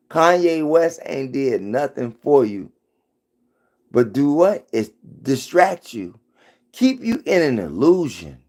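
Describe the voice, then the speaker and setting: A man's voice: mid-range voice, darkish tone. A middle-aged man giving an emphatic, preachy commentary vlog into his phone, hammering his points home by repeating them. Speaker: vlogger.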